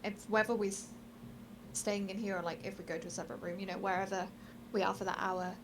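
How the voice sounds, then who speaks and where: A woman's voice: medium pitch, flat delivery, fast, noisy background. A woman playing a tabletop game who describes her character's actions thoughtfully and hesitantly. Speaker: player.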